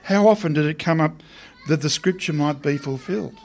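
A man's voice: a little high, fairly quick, creaky. Man preaching a conversational sermon. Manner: conversational, asks the listeners questions.

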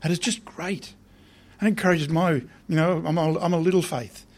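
A man's voice: fairly high pitch, steady tone, moderate pace. A man preaching a sermon in a conversational way, often putting questions to his listeners.

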